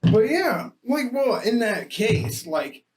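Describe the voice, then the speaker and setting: A man's voice: very high voice, big pitch swings, slow pace, a little mellow, recorded from a distance, a little hiss or hum. A man co-hosting a podcast, laid-back and laughing along with short replies. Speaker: podcast co-host. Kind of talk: casual comedic chat.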